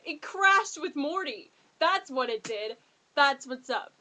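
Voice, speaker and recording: A woman with a high, bright voice rambles through a casual fan review vlog. She gushes and gets excited, jumping from point to point without much order. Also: normal speed, rough recording.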